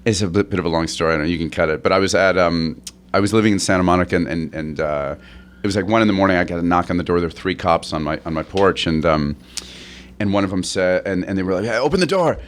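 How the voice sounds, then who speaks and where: A man with a somewhat low voice shares a story as a guest in a relaxed interview. He rambles, trips over his words and laughs along the way. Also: fast talker, slight background noise. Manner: rambling, restarts and stammers; animated, laughs through stories. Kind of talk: casual anecdote-telling.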